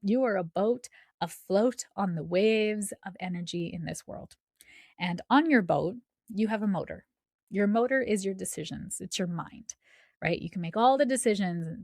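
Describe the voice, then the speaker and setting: A woman's voice: medium pitch, normal speed, darkish tone, no echo, clean studio sound. A woman hosting a spiritual podcast in a casual, chatty way, often checking in with "right?". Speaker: podcast host and coach.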